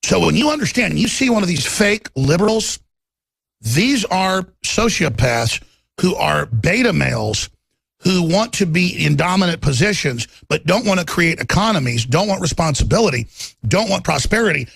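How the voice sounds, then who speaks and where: Man, political rant, fervent and combative, raspy, gravelly, higher voice. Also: animated, normal speed, a bit bright, no room sound. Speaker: political commentator.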